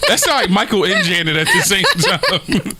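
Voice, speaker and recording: A man's voice: sits high, wildly swooping pitch, moderate pace, background noise. A man, a comedian guest on a podcast, telling casual, profane stories and laughing often.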